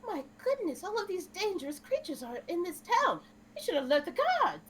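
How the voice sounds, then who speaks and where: A woman speaking in character at a tabletop game, her voice high and swinging widely in pitch. She exclaims her lines with animated energy, in a faintly noisy recording. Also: moderate pace. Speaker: player. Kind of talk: in-character tabletop role-play.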